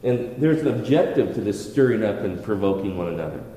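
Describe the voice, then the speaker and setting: A man preaches a sermon with a mellow, relaxed tone, often restarting phrases and asking rhetorical questions. His voice rings out in a large hall, with a long reverb trailing every line. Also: on the low side, a little fast. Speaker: pastor. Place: church hall.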